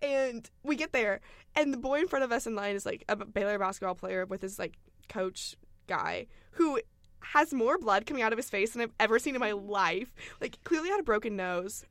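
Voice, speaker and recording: A woman's voice: a little high, animated, brisk, dry recording, clean studio sound. A young woman, telling a funny story as a podcast co-host and laughing often. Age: young adult. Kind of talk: casual storytelling chat.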